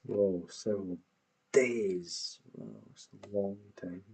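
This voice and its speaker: A man with a low, mellow voice gives an angry reaction commentary. He is scornful and swears freely as he talks back at a clip. His voice has a husky edge. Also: slow pace, rough recording. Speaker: reaction video host.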